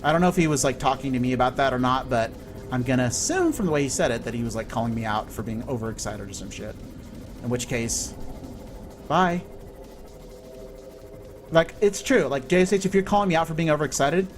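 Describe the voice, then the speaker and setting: A man from California chatting excitably and swearing casually while he streams a video game. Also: medium pitch, brisk, pauses often, a little hiss or hum. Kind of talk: live gameplay stream chat.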